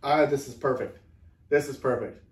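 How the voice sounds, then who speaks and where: A man's voice: medium pitch, steady tone, moderate pace. A man hosting his channel, chatting casually and joking while reading comments aloud. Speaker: channel host. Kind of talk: casual chat. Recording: echoey room, mic at a distance.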